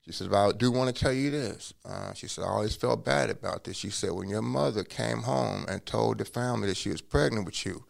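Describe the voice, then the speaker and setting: A man telling his life story in a relaxed interview, acting out what people said to him. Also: fairly low pitch, brisk, creaky, hardly any pauses. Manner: acts out quoted dialogue in a lively way; casual, drops curse words. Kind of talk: conversational storytelling.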